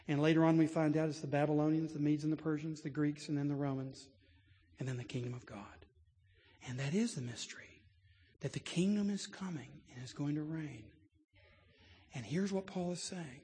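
A man preaching a sermon in a large church, telling stories earnestly and building to animated emphasis. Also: fairly high pitch, a little fast. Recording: long reverb of a church.

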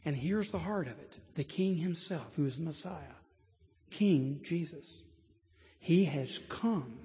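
Preaching slowly to a large church, a man with a slightly high voice tells earnest stories and builds to animated emphasis. The sanctuary's long reverb lingers after each word.

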